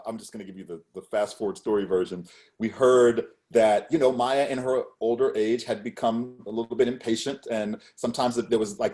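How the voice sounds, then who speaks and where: Animated storytelling man. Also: fairly low pitch. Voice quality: animated storyteller, acts out quotes. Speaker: guest speaker. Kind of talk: casual interview storytelling.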